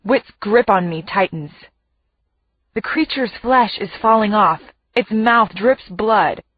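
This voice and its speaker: A woman's voice: mid-range voice, takes it slowly, no room sound, dull audio. A woman narrating a first-person audiobook in a vivid, dramatic way.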